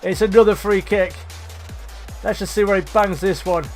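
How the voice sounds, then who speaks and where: A high-voiced young man talks through his game in a casual, chatty way. He gets excitable at the big moments, swears at the misses and laughs at his own slips. Faint music runs quietly behind him. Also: moderate pace. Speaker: gaming commentator. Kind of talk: let's play commentary.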